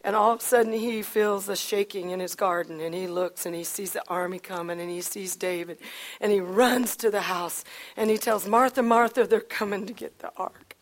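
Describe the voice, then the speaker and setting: A woman preacher telling a Bible story in a chatty, animated way with frequent laughs and asides. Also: on the low side, moderate pace. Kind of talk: sermon storytelling.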